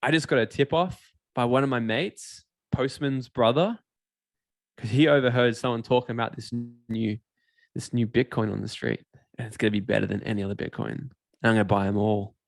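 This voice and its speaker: A man voicing a reckless, boastful gambler who bets his savings on a tip, in a lower voice than his own. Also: brisk, gravelly, no echo, lightly acted. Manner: boastful and excited. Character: reckless get-rich-quick gambler betting savings on a tip.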